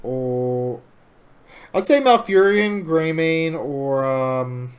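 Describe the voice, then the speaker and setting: A man co-hosting a gaming podcast in relaxed chat. He thinks out loud, stringing ideas together with lots of "like" and "um". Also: medium pitch, drawn-out words. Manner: hesitant, heavy on "like" and "um". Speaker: podcast co-host.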